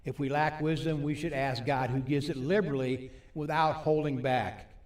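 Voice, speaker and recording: A man preaching a sermon at a recovery ministry. He reads scripture slowly and asks the audience questions. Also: fairly high pitch, fairly even intonation, darkish tone. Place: meeting hall with a live audience. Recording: echoey hall, mic from a distance.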